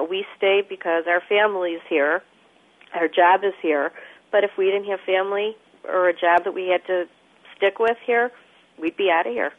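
A woman from Chicago calling in to a talk radio show, speaking casually and wryly. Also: lowish voice. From Chicago, United States. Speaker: caller. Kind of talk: phone-in call. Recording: tinny phone line.

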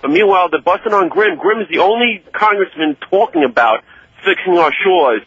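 A man's voice: high-pitched, animated, brisk, husky. A man calling in to a talk radio show, chatting and agreeing with the host. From New York. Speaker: caller. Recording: dry lo-fi call audio.

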